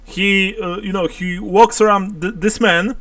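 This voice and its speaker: A man's voice: high-pitched, fairly even intonation, unhurried, fairly bright tone, no echo, far from the mic. A man narrating a tabletop role-playing game as game master, chuckling often as he describes scenes.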